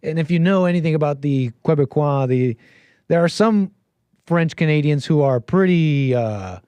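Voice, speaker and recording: A man's voice: fairly high pitch, moderate pace, smooth, no room sound, lo-fi sound. Man hosting a call-in stream, dry close sound. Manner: meandering, searching for words. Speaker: call-in show host. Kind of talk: casual call-in talk.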